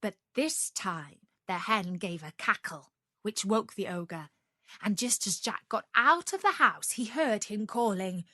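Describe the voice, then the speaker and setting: A woman reads a fairy tale aloud for English learners, slowly and expressively. Her pace is very unhurried, and the recording is close and dry. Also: mid-range voice, no room sound. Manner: slow, expressive read-aloud. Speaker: storyteller. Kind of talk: storybook narration for English learners.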